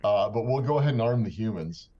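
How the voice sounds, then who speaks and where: A man plays his tabletop character with a gruff, put-on accent, low and a bit husky. His mic sounds dull and lo-fi, with the top end missing. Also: expressive, fast talker, dark tone, faint music behind. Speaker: player. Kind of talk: tabletop role-play.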